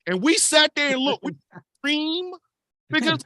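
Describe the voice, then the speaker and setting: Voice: high-pitched, unhurried, dry recording, clean studio sound. A podcast co-host telling a wild story with lots of swearing. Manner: animated, profane storytelling. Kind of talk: casual storytelling.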